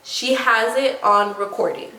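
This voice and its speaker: A young woman vlogger telling a story casually and excitably, full of "like" and "oh my gosh". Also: fairly high pitch, unhurried. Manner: excitable, many fillers like "like" and "oh my gosh". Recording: echoey room.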